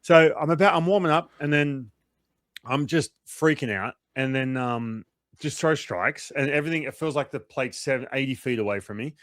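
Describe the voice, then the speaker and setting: A man, a former pitcher, telling a long story in a casual interview, animated and acting out quotes. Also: no room sound, clean studio sound. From Australia. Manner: animated, acts out quotes, swears, fast run-on storytelling. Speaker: former baseball pitcher, guest.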